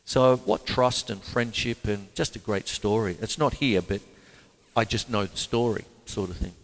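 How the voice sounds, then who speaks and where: A man's voice: on the low side, moderate pace, long reverb tail. An Australian man, a drummer hosting a music show, explaining drum techniques in a chatty, rambling way with jokey asides. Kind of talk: casual music lesson.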